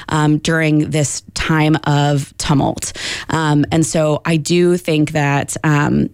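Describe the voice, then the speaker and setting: A woman linguistics professor giving measured, explanatory answers in a radio interview, with frequent ums. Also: low-pitched, darkish tone, dry recording, clean studio sound.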